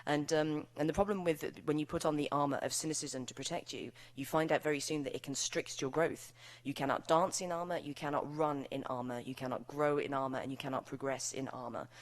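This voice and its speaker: A woman's voice: low voice, steady tone, fairly quick, few pauses. A British woman author speaking at a live event, then reading her novel aloud with wry, bawdy comic delivery. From United Kingdom. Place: live event before an audience.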